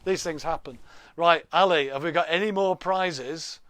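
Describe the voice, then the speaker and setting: Man host on a laptop live stream, slightly high voice, dry close sound, chatty and jokey. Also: normal speed, fairly bright tone, no echo. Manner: chatty, jokey, reads out viewer names, laughs often. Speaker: livestream host. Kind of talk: casual live stream chat. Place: home room. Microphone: laptop webcam.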